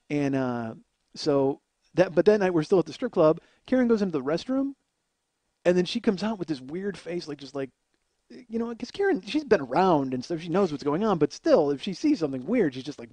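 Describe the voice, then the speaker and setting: A middle-aged man telling comic stories and ranting, profane and animated, acting out the other people in them. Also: fairly high pitch, brisk, no room sound. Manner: ranting, profane, storytelling with acted-out quotes. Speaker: podcast host. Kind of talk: solo comedic monologue.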